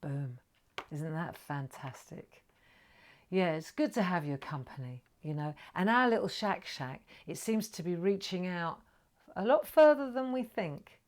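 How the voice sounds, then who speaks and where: A middle-aged woman hosting a live craft stream, chatting warmly with viewers, greeting them brightly and sometimes dropping to a whisper. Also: on the low side, animated, unhurried. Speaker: craft livestream host.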